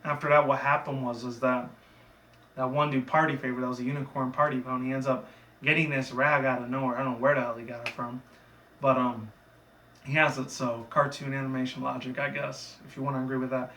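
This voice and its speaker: A man's voice: mid-range voice, level tone, a little fast, bright, forceful tone, distant mic, slight background noise. A man casually recapping a cartoon episode in a rambling, loose way, with profane asides. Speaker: reviewer. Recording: echoey room, away from the mic.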